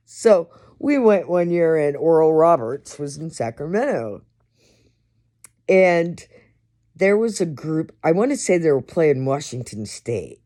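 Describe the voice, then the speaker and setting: A woman's voice: sits low, dark tone. A middle-aged woman telling stories in a casual monologue, laughing often and swearing freely. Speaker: host.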